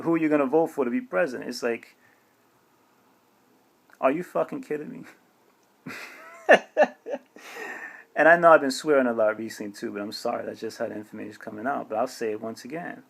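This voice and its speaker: A man's voice: medium pitch, gravelly, slightly rough. A man hosting his own video, ranting heatedly and swearing about society and politics, mocking what others say. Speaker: channel host. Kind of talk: spiritual rant to camera.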